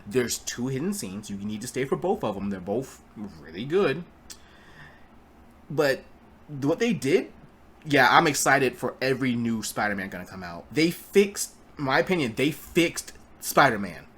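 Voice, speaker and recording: A man with a husky, breathy voice talks through a casual film review at a middle pitch. He rambles, stumbles over his own words, and speaks bluntly, with profanity. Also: very animated, unhurried, a bit bright. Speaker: movie reviewer.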